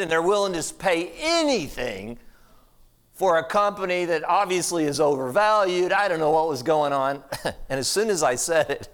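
A man's voice: on the high side, fairly quick, clear, resonant tone. A middle-aged American man, a pastor preaching a sermon in a conversational, storytelling way. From United States.

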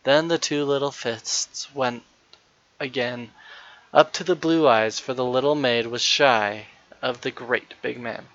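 Male storybook narrator, steady, bright, lo-fi sound. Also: medium pitch, measured pace. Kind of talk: reading a children's story aloud. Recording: dull, lo-fi dry recording.

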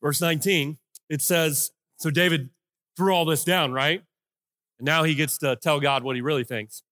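A male pastor preaching with passion, his high voice rising into shouts and dropping to hushes. The tone is bright and forceful. The sound is close and dry, with no room echo. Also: normal speed. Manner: impassioned preaching, swinging from shouts to hushed lines. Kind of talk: sermon.

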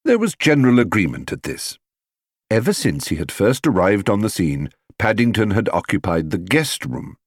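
Man narrating with wide expressive pitch. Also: moderate pace, slightly rough, no echo, clean studio sound. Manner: expressive, lively storytelling. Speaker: audiobook reader. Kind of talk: scripted narration.

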